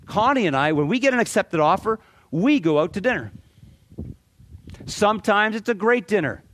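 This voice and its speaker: Animated man giving a joking talk. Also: high voice, normal speed. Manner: animated, joking, repeats words and restarts. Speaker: motivational speaker. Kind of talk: talk to a live audience.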